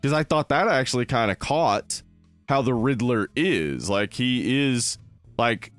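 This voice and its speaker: A man's voice: medium pitch, expressive, a little slow, faint music behind. A man in his thirties co-hosting a podcast, rambling casually about films with lots of "like". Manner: rambling, many "like"s and restarts. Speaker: podcast co-host. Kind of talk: casual film-review chat.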